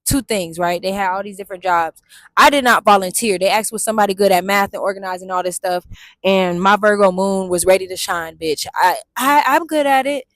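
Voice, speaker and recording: A woman's voice: medium pitch, fairly bright tone, no room sound, studio quality. A young woman vlogger telling her own story outdoors in a casual, candid way, full of slang and swearing and speaking straight to her viewers. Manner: candid, slangy and profane, addresses viewers as y'all. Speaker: vlogger and Navy veteran. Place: outdoors in the sun and wind.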